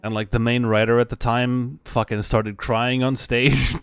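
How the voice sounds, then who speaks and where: Excitable young man streaming a game. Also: mid-range voice, a little slow, smooth, no room sound, soft background music. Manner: excitable, swears freely, laughs often. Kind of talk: casual live stream chat.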